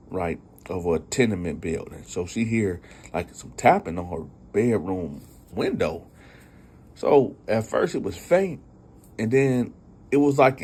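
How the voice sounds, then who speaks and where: A man's voice: lowish voice, darkish tone, slight background noise. A man telling a story in a loose, conversational way, often repeating "you know.". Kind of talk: casual spoken storytelling.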